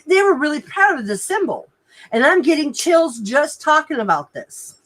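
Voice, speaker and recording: A woman in a casual podcast chat, excitedly telling a personal story with lots of exclamations. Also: sits high, normal speed, low-quality recording. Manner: excitable, animated, lots of "oh my God" and "like".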